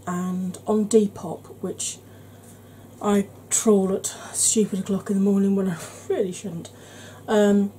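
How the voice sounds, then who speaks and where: Mellow woman chatting through makeup. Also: medium pitch, slight background noise, rough recording. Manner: rambling, conversational, drops to soft whispers at times. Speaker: beauty channel host.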